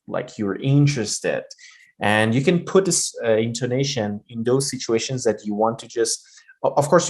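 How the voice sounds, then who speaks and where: A man teaching English pronunciation, explaining intonation in loose everyday talk with many fillers and spoken examples. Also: mid-range voice.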